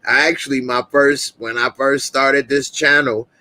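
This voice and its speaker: A man's voice: medium pitch, flat delivery, moderate pace, pushed and bright, no room sound. Laid-back, slangy male streamer. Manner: laid-back, slangy, reads comments aloud. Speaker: host. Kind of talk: casual live stream chat.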